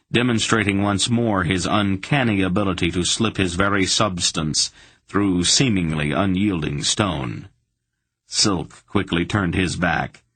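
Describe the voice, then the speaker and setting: A man narrating an audiobook in a measured storytelling manner. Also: low voice, fairly bright tone, husky, no room sound.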